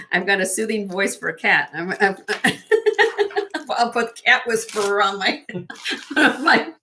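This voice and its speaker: A woman's voice: medium pitch, big pitch swings, slow, sharp tone, a little hiss or hum. A woman hosting a live online jewelry auction, chatting upbeat with viewers and laughing often. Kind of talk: live-stream auction chat.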